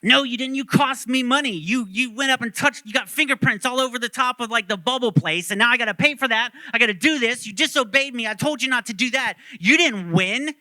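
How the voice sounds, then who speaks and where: A man's voice: very high-pitched, brisk, hardly any pauses, pushed and bright, no echo, voice pushed up, full character voice, low-quality recording. A man voicing an eccentric grown male candy maker with a volatile temper, exclaiming in bursts. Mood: irate. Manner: exclaiming, swinging between rage and glee.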